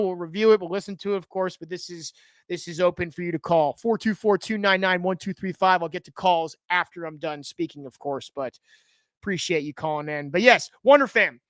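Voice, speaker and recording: Host type, smooth clear voice, dry close sound, jokey asides, breaks off mid-thought. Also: medium pitch, brisk, a bit bright, no room sound. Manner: joking asides, teases and self-interrupts. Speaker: show host. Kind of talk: live show chat with sponsor plugs.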